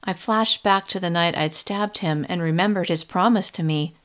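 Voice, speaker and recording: A woman reading a first-person young adult novel in a steady, measured audiobook narration. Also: fairly low pitch.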